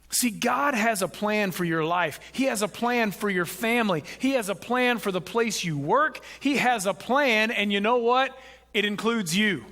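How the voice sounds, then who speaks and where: A man preaching a sermon, acting out quoted prayers with lively shifts in his voice. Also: normal speed. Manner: animated, acts out quoted prayers with rising pitch.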